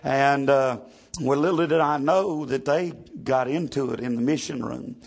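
Gravelly preacher telling a testimony. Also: male voice, medium pitch, moderate pace. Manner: testimony peppered with constant "amen". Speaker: pastor. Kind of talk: storytelling sermon.

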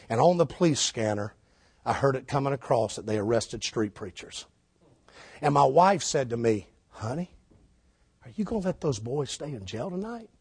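A middle-aged man preaching a storytelling sermon, swinging between shouted preaching and low, hushed retelling. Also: slightly rough, dry recording. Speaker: street preacher.

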